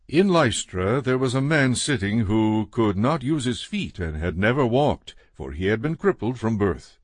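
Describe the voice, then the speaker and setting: A man giving a measured, steady reading of a Bible passage as scripted narration. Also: on the low side, no room sound, clean studio sound. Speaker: scripture reader.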